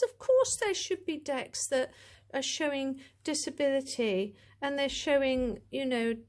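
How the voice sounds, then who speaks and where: Woman, slightly high pitch, chatty, gushing, rambling, tarot deck review. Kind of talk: casual deck review to camera.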